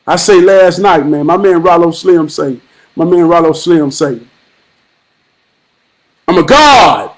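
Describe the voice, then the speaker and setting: A man hosting a live stream, giving a profane, preachy monologue with rhythmic repetition and occasional shouted bursts. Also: a little high, fairly even intonation, normal speed. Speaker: livestream host.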